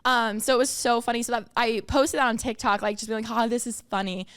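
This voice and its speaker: A woman's voice: a little high, quick pace, smooth, no echo. A young woman co-hosting a podcast in casual chat, telling stories animatedly with lots of fillers and acted-out quotes, on a close studio mic. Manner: animated storyteller, filler-heavy, acts out quotes. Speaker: podcast co-host.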